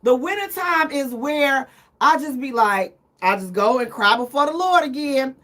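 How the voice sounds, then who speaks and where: A woman's voice: high-pitched, expressive, moderate pace, a bit bright. A middle-aged woman hosting a live radio talk show, telling teasing, self-mocking stories in a casual chat.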